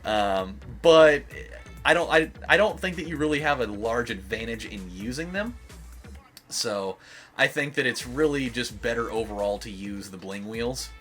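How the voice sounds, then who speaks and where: A man's voice: mid-range voice, expressive, moderate pace, a bit bright, soft background music. A young man giving casual gameplay commentary as a let's play host, rambling with lots of fillers and swearing.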